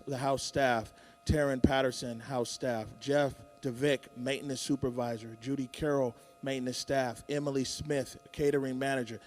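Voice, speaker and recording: A man hosting a live morning show from a theater stage, speaking in a casual, hyping way. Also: mid-range voice. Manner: casual, hyping, lists names.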